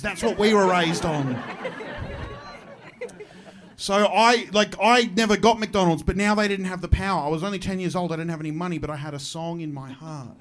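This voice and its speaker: High-voiced Australian comedian on stage. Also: male voice, normal speed, a bit bright. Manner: self-deprecating storytelling, acting out voices. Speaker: stand-up comedian. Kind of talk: stand-up comedy set. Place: comedy club stage with live audience.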